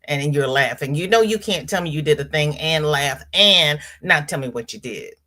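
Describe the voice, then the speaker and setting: A middle-aged woman hosts a casual livestream, greeting viewers by name and reading out their chat comments. She has a deep, sharp-toned voice, speaks expressively, and keeps a moderate pace.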